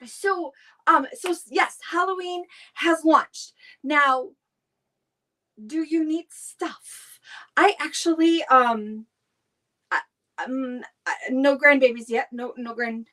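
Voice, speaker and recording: A woman's voice: a little high, normal speed, fairly bright tone. A middle-aged woman, chatting on a live stream, rambling with many fillers and restarts as she greets viewers. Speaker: direct seller hosting a weekly live stream.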